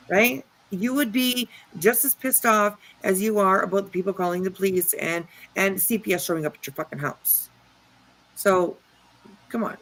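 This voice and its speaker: A woman's voice: medium pitch, a bit bright, rough recording. A woman hosting a commentary channel, reacting to clips with sarcastic, profane scolding.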